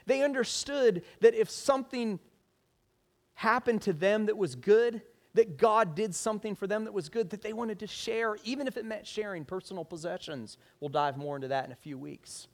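A man's voice: high-pitched, normal speed. A male pastor delivering a conversational sermon, often asking the congregation rhetorical questions.

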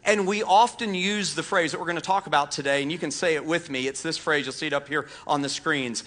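A man in his thirties preaches from a church stage in a loose, chatty way, full of fillers and jokes at his own expense. His voice sits a little high and sounds bright and forward. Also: a little fast. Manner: casual storytelling, self-deprecating, frequent fillers. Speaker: pastor. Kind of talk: sermon. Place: church auditorium.

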